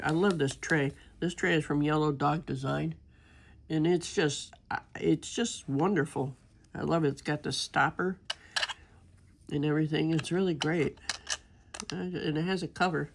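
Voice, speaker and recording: An older woman with a gravelly voice and a sore throat from being sick, rambling in a homey, chatty way while she works on a craft. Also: deep voice, steady tone, measured pace, long pauses, slight background noise. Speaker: crafting vlogger. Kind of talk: casual chat while diamond painting.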